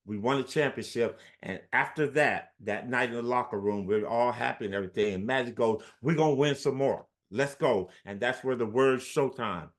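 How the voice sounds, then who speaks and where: A man's voice: medium pitch, brisk, few pauses. A man in his sixties, a former athlete, telling stories in an interview and acting out the quotes of the people in them. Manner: animated storyteller, acts out quotes. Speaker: former basketball player, guest. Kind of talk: storytelling in an interview.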